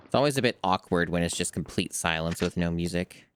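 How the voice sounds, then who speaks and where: Deep-voiced man, dry gaming commentary. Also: fairly quick, slight background noise. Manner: dry, self-deprecating, swears often. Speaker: streamer. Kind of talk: casual gameplay commentary.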